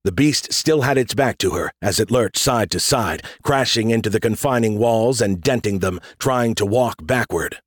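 A man narrating a military science fiction audiobook in a steady, measured way. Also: on the low side, dry recording, studio quality. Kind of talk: scripted narration.

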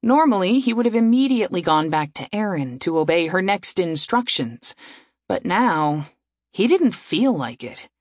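A woman reading a fantasy story aloud in a measured, expressive narration. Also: lowish voice, no room sound, studio quality. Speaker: audiobook narrator.

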